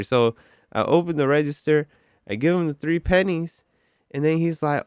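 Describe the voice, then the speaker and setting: A man tells a story in a loose, rambling vlog style. He leans constantly on "like" and "you know". His voice is smooth and clear, and it sits in a dry, close recording. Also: fairly high pitch, lively intonation, slow pace, pauses often, darkish tone, no echo. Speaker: vlogger telling a story. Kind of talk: casual storytelling.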